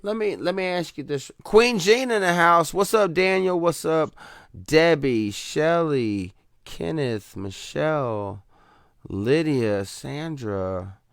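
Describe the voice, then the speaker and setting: A man's voice: a little high, lively intonation, slow, clear, resonant tone, no room sound, clean studio sound. A man with a Southern US accent hosting a live radio interview, folksy and chatty, calling out to listeners. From Deep South, US. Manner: folksy, keeps addressing listeners with y'all. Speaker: radio host.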